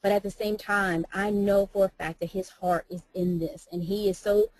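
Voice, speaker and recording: A woman's voice: mid-range voice, steady tone, normal speed, dry recording, low-quality recording. An American woman, a mentor and businesswoman, speaking earnestly and encouragingly on a group call. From United States. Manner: earnest, encouraging, faith-filled.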